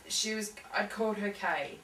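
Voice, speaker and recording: A woman's voice: mid-range voice, normal speed, pushed and bright, a little hiss or hum. A young adult woman being interviewed, telling her story casually with many fillers and restarts. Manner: hesitant, full of fillers and restarts. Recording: echoey room, mic from a distance.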